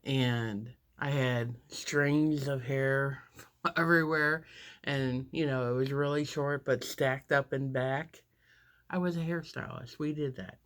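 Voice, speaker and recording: Fifty-something lady rambling slowly thru a story while doing makeup, lots of ums. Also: extremely low pitch, fairly even intonation. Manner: rambling, with many fillers and restarts.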